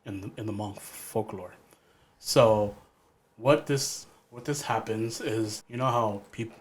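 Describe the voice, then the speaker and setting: A man's voice: lowish voice, slow. A man casually retelling a folk tale on a podcast, loose and offhand, leaning on "like" and "pretty much.". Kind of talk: casual storytelling. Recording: faint background noise.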